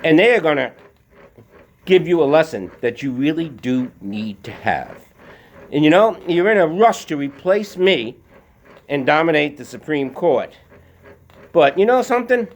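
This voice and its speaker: A man's voice: fairly high pitch, sing-song, measured pace, pauses often. A man voicing a stern older woman spirit who warns and lectures, speaking in his own voice from a home garage. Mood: warning. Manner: lecturing, warning.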